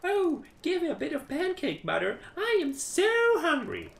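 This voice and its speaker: Whiny, high-pitched hungry children plead for food, as a man puts them on. The voice sits far above his own and swoops around. It sounds like it was recorded in a roomy space with a faint hum behind. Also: wildly swooping pitch, normal speed, gravelly, heavily acted. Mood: begging. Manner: high falsetto begging. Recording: roomy echo with faint ambience.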